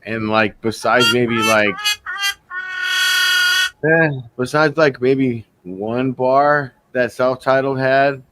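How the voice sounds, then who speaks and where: A man's voice: medium pitch, slow, very noisy. A man chatting casually as a podcast co-host, blunt and laid-back, swearing freely. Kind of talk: casual chat.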